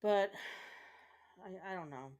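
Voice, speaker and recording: A woman's medium-pitched, slightly mellow voice, with its highs cut off, comes at a slow pace as she streams a game. Chatting casually and rambling with fillers and restarts, she tears up while thanking her viewers emotionally.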